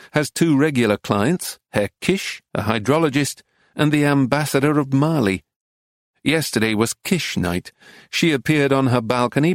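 Male English narrator, mid-pitched, measured literary read, dry booth sound. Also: dry recording. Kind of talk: audiobook reading of a travel memoir.

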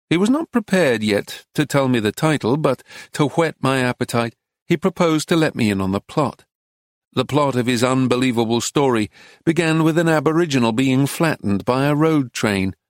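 A man reading an audiobook in a measured, understated, dry manner. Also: medium pitch, dry recording. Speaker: narrator. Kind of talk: scripted audiobook narration.

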